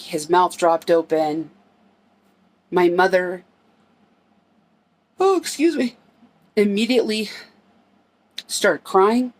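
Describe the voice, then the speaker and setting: A middle-aged woman tells a personal family story in a relaxed, conversational way. Her voice sits at an ordinary middle pitch, and she acts out what each person said as she recounts it. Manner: conversational, acts out quoted dialogue in her telling.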